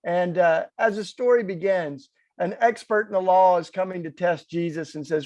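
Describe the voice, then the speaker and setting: A man with a strong Southern US accent, giving an earnest talk as guest speaker at an evening event and retelling scripture slowly and deliberately. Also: high-pitched, darkish tone, no room sound. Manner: earnest, slowed on purpose, reading scripture aloud. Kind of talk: sermon-style talk. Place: event hall.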